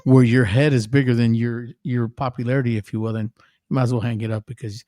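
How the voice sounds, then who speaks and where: A middle-aged guest musician tells stories in casual chat, animatedly acting out other people's lines in a raised voice. He talks fast in a mid-range voice, captured on a dry, studio-quality recording.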